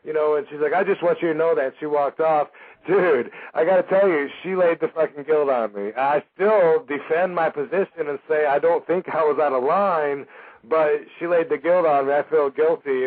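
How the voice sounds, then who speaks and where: Speaking at a normal speed in a slightly high voice, the Michigan man hosting this radio show tells a casual story, doing animated impressions of the people in it and using many fillers. The recording has a narrow, phone-like radio quality.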